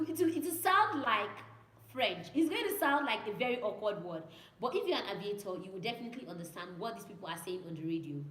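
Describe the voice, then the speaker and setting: A woman's voice: medium pitch, a bit bright. A young woman, a student pilot, chatting casually with viewers, repeating herself and mimicking radio calls. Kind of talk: casual chat answering viewer questions. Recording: echoey room with faint ambience.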